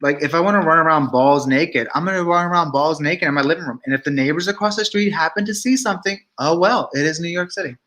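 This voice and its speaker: Sassy, bright-voiced man vlogging. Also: fairly high pitch, quick pace, hardly any pauses. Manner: sassy, chatty, talks to live chat. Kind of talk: casual gossip commentary.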